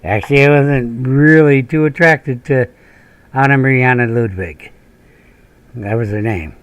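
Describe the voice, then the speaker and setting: A gaming channel host from northern Minnesota, USA, rambles through profane personal stories while he plays, his medium-pitched voice measured and clean with no room sound. His meandering commentary is full of laughs and tangents.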